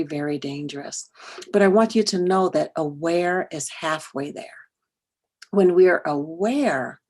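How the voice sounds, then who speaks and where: A middle-aged woman from the United States giving an educational workshop talk, moving between hushed earnest asides and loud emphatic bursts and repeating phrases for emphasis. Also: sits low, husky. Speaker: workshop presenter.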